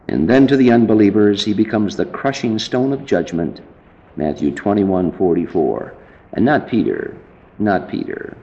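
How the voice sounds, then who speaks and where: Man preaching an animated, fervent sermon. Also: normal speed, highs cut off. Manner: emphatic, rising to fervent high-pitched preaching; lists scripture references as he teaches.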